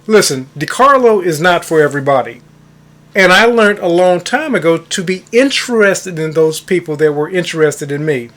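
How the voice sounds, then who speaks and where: High-voiced man coaching on manifestation. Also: animated, normal speed, a bit bright. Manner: storytelling, stresses words for emphasis; addresses listeners as guys. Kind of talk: casual monologue.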